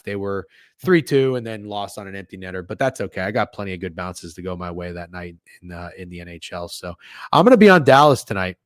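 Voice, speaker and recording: A man hosting a sports betting stream, talking casually and swearing a lot, swinging between low mumbling and loud outbursts. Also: no echo, clean studio sound. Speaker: sports betting podcast host. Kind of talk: casual livestream rant.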